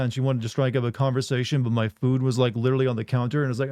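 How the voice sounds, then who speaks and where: A man's voice: mid-range voice, flat delivery, fast talker, darkish tone, smooth, dry recording. A man chatting casually with viewers while streaming a game, rambling, joking, and laughing often. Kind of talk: casual chat while playing.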